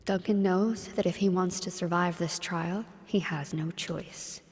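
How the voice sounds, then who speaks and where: Woman narrating a story game in a long-reverb room, lowish voice, measured and even. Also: slightly rough. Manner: even, measured reading, slipping into quick casual chat. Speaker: let's play co-host narrating the game text. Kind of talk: reading game narration aloud with casual asides.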